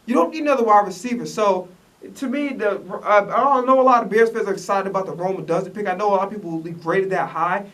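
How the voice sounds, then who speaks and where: A man's voice: high-pitched, fast, fairly bright tone, distant mic. A man rants in casual commentary, profane and rambling, stumbling over restarts. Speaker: vlogger reacting to the draft.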